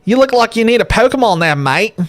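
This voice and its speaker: A man's voice: high voice, big pitch swings, fairly quick, a bit bright, dry recording, pitched above the performer's own voice. A man voicing a boisterous, cheery male professor from the outback, with a slangy Australian accent that drifts. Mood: hearty.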